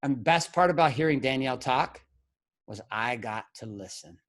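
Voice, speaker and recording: A man's voice: medium pitch, expressive, normal speed, a bit bright. A middle-aged man, a men's coach as a podcast guest, telling his story bluntly and emphatically, with plenty of swearing. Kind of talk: candid podcast interview.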